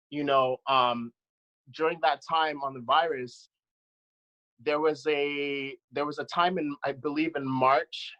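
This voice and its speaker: A man's voice: mid-range voice, bright, forceful tone, highs cut off. A man on a discussion panel telling a personal account in an impassioned, blunt way, swearing freely.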